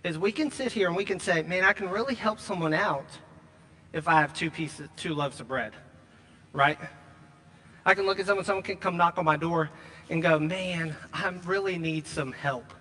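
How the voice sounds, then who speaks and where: A man preaching a sermon, emphatic, repeating key lines and slowing down to stress them. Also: sits high, pushed and bright, in a large hall. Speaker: pastor.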